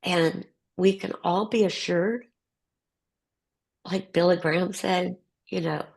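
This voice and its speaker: Low gravelly older woman on a video call, tender faith-filled talk. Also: fairly even intonation, slow pace, long pauses, darkish tone, low-quality recording. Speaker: guest author. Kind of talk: heartfelt conversational talk on a group call.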